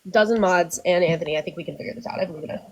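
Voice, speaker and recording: A woman who has joined a livestream as a guest, her voice low and breathy, a little husky. She talks quickly and chattily. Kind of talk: casual livestream chat.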